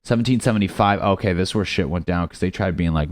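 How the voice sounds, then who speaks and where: A young man with a notably deep voice hosts a solo comedy podcast. His talk is crude and sarcastic, full of self-mockery. The recording is dry and close, with no room sound. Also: expressive, fast talker, few pauses, no echo. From United States. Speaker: podcast host.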